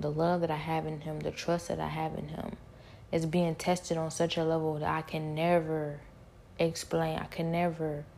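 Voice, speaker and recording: A woman's voice: sits low, creaky, a little mellow, a little hiss or hum. A woman pouring out her frustration in a personal monologue, with features, full of rhetorical questions and pleading.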